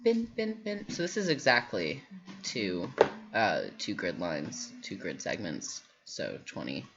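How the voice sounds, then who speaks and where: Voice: low-pitched, sing-song, takes it slowly. Rambly art teacher walking thru pixel drawing, lots of ums, kinda muffled lo-fi stream sound. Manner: rambling, self-deprecating, many fillers. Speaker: workshop instructor. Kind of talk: live drawing tutorial.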